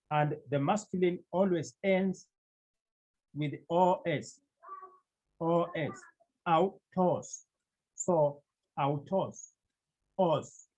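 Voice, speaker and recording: Very slow, husky teacher. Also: medium pitch, darkish tone. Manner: repeats each word several times for drilling; patient step-by-step explaining. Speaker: Greek language teacher. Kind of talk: classroom lesson. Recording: dull lo-fi recording.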